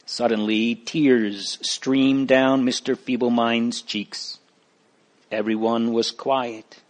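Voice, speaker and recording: A man narrates a storybook at an unhurried, deliberate pace. His reading is calm and measured, with a mid-range voice. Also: mid-range voice.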